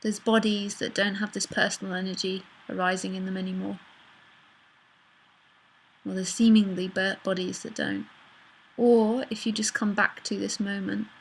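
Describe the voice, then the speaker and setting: A woman's voice: medium pitch, little pitch movement, a little slow, gravelly, pauses often, breathy edge, poor audio. A middle-aged woman spiritual teacher speaking casually and bluntly in a live online talk. She answers viewer messages, swears now and then and laughs often.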